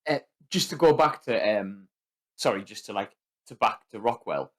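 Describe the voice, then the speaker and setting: A man's voice: fairly low pitch, lively intonation, normal speed. A man co-hosting a film podcast, talking casually and acting out quoted movie lines with animation. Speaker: podcast co-host.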